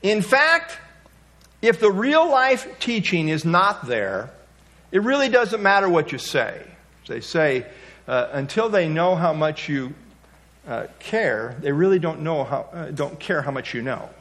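A man's voice: a little high, sing-song, unhurried, a bit bright. A man preaching a sermon, telling stories in a conversational, folksy way and rising emphatically on key points. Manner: conversational storytelling, folksy asides. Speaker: pastor.

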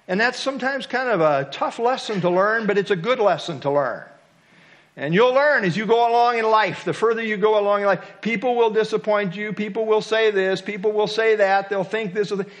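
A man with a notably high-pitched voice preaches a verse-by-verse sermon. He speaks earnestly and reflectively, dropping to a softer tone when he reads a poem or quotes a commentator. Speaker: pastor. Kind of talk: expository sermon.

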